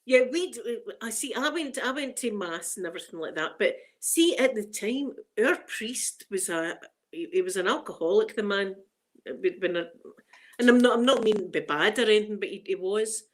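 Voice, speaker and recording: A woman's voice: mid-range voice, animated, moderate pace. A middle-aged woman with a Scottish accent, hosting a livestream and rambling through funny stories, laughing often. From Scotland. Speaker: livestream host. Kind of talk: casual storytelling chat.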